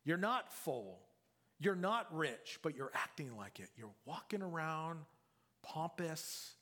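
Emphatic man preaching a casual sermon. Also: a little high. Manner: conversational, emphatic, with lively swings from loud to quiet. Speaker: pastor.

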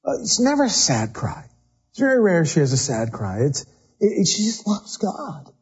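A man's voice: high-pitched, huge pitch swings, normal speed, vocal fry, darkish tone, breathy edge, dull audio. A man preaching a sermon in a church sanctuary, talking in a loose, conversational way and often repeating words as he goes. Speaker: pastor.

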